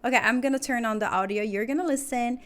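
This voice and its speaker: A woman's voice: on the high side, fast talker, fairly bright tone. Patient woman teaching English. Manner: clear, patient, explaining step by step. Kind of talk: recorded online lesson.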